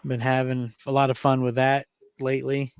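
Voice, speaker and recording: A man's voice: mid-range voice, monotone, normal speed, clean tone. A man co-hosting a casual podcast, laid-back and rambling, often repeating words as he starts a sentence. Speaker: podcast co-host.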